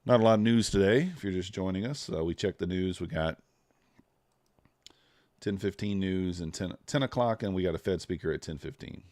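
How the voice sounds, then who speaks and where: A futures trader streams live, offering casual commentary in a low, tired drawl while he yawns. At a moderate pace, he greets chat viewers in a laid-back way, and his slightly mellow voice is recorded dry.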